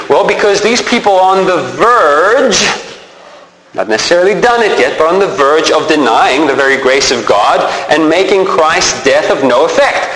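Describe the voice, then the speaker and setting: A man preaching a sermon as pastor, animated and emphatic, often repeating himself as he stresses a point. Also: a little high, normal speed. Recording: echoey hall with long reverb.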